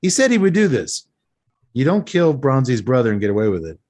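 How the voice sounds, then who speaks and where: Animated tipsy man recapping a film. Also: mid-range voice, fairly quick. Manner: animated, sweary storytelling recap. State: tipsy after several beers. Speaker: podcast host recapping a film. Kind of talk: casual chat.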